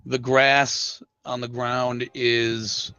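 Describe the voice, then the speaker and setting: Slow, halting man as game master. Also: mid-range voice, level tone, bright, forceful tone. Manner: slow and hesitant, many ums. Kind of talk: narrating a tabletop game. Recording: dull lo-fi sound with faint music.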